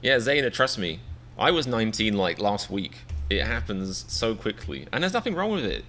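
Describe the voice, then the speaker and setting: English guy, 30s, rambling live stream chat, lowish voice, self-mocking, bit of a grumble. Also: sing-song, moderate pace, sharp tone. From England. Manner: rambling, self-deprecating, mock-exasperated.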